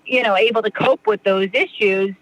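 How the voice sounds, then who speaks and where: A woman in her thirties from Massachusetts, speaking at medium pitch and a moderate pace with a fairly bright tone, chats casually as a podcast guest about her recovery. She rambles with lots of "you know" and restarts; the recording is rough, with no room sound.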